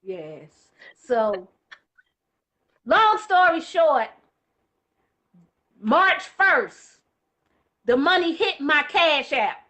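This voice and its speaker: High-voiced woman telling a story. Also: very slow, long pauses. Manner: animated, emotional storyteller. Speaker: guest. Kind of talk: casual storytelling chat.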